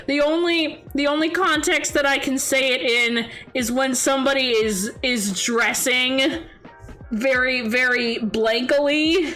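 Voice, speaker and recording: A woman's voice: high voice, fairly even intonation, measured pace, bright, forceful tone, faint music behind. A young woman streaming and chatting casually with viewers, rambling and giggling as she talks.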